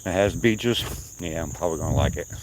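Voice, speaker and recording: A man's voice: deep voice, expressive, a little slow, noisy background. An older man with a slight Southern accent, chatting casually with viewers on a live stream while out on a walk, rambling from topic to topic. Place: outdoors at night on a walk.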